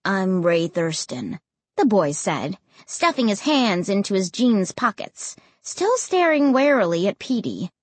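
A woman reading a children's story aloud, slow and unhurried with a breathy voice. Her pitch moves a lot as she reads expressively, and the recording is dry and close. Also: sing-song, dry recording. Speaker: audiobook narrator. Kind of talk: scripted narration of a children's story.

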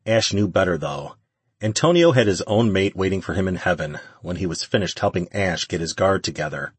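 A man narrating an audiobook in a steady, even read. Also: deep voice, breathy edge, no room sound. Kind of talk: scripted narration.

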